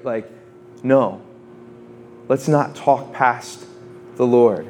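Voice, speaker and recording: A man in his twenties giving an informal faith talk to students, conversational, with quick asides and quotes he acts out. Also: mid-range voice, a little mellow, a little hiss or hum. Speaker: campus ministry speaker.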